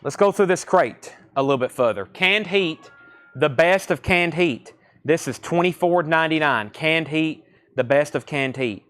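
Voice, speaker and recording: A man with a Southern accent hosting a live record sale, listing titles and repeating prices in quick sales patter. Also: a little high, a bit bright, soft background music. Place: record shop surrounded by crates.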